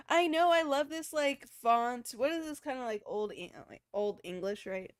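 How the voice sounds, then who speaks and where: A woman's voice: on the high side, expressive, moderate pace, few pauses, clear, resonant tone, no echo, studio quality. A woman chatting casually with her viewers on a live stream, rambling from one thing to the next.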